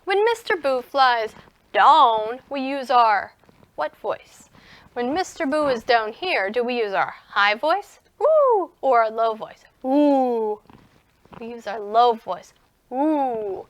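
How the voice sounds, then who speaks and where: A young woman teaching a recorded music lesson to young children, gentle and encouraging. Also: on the high side, expressive. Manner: gentle and encouraging, speaks slowly to young children, sings and whispers in parts.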